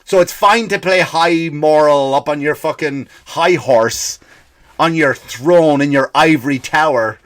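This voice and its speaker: A man's voice: fairly high pitch, a little slow, fairly bright tone. A man hosting a comedy podcast, ranting in a profane, sarcastic monologue.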